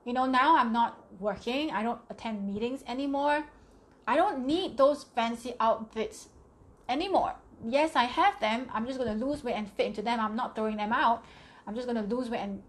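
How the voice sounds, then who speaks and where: A middle-aged woman vlogging to camera about money, talking candidly and emphatically and often repeating her phrases. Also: a little high. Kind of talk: casual talk to camera.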